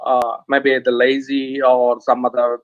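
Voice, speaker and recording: A man's voice: medium pitch, completely flat delivery, a little slow. Hesitant man on a muffled call. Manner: hesitant, many fillers and restarts. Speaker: English learner guest. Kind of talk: casual chat. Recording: muffled online call audio.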